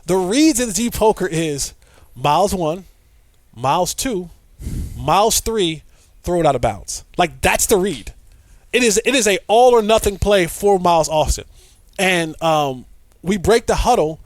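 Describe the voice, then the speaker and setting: A middle-aged man with a fairly high voice tells a story with rising excitement, acting out what others said and tripping over repeated words. The sound is dry and close, with almost no room around it. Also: dry recording. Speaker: podcast guest, former player. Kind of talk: animated storytelling.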